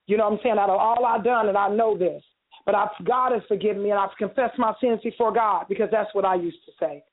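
Earnest woman on a tinny radio line. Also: mid-range voice. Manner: earnest, quick to affirm others. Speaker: radio host. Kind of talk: casual radio talk.

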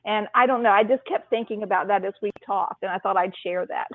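A woman co-hosting a writing podcast who talks casually and retells story scenes with lively emphasis. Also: medium pitch, fairly quick, no echo. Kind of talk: casual chat. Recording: tinny phone-line sound, dry.

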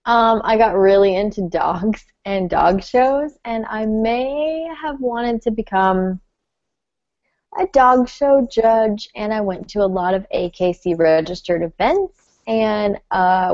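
Animated, giggly woman on slightly dull audio. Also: mid-range voice, no room sound. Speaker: podcast co-host. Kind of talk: casual chat.

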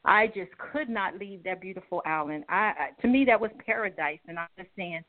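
A woman guest on a talk radio show, telling stories in a chatty, laughing way, stretching some words out slowly. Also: mid-range voice. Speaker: guest, music company head. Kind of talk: casual radio chat. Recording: phone-line audio.

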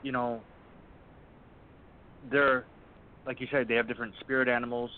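A man talks as a guest in a relaxed interview, driving his points home and repeating pointed questions for emphasis. His voice sits at a middle pitch. The audio is narrow and tinny, like it is heard over a telephone. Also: normal speed. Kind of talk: casual interview chat. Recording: tinny phone-like line.

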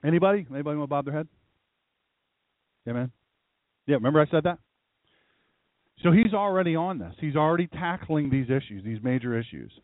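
Male pastor, animated sermon delivery with asides to the room, dry tinny phone-quality sound. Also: fairly high pitch, fairly quick, long pauses, no echo.

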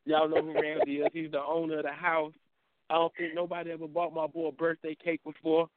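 A man hosting a casual morning chat show, telling animated stories, mimicking people and laughing a lot. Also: fairly high pitch, fairly quick, slight background noise. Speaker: show host. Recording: tinny phone line.

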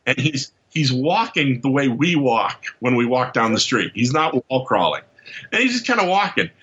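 A man guest on a podcast, telling stories in an animated, casual way, acting out quotes and laughing often. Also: medium pitch, moderate pace, dull audio. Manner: lively storyteller who acts out quotes and laughs often. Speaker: podcast guest, comics writer.

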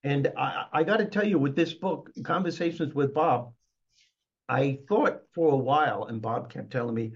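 A man's voice: mid-range voice, moderate pace. An older man, a motivational speaker and guest, talking emphatically and upbeat in a conversational interview. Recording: dull lo-fi recording.

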